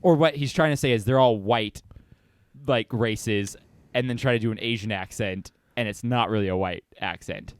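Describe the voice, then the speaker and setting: A man's voice: lowish voice, moderate pace, smooth, no echo. A man co-hosting a casual podcast chat, jokey and rambling, slipping into silly accents. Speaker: podcast co-host.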